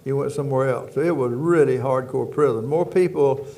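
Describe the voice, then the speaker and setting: Telling stories as an interview guest, this former prison warden from Louisiana speaks with a rural Southern accent in a folksy, rambling way. The older man has a warm mid-range voice, talks fairly quickly, and keeps returning to his point with "anyway."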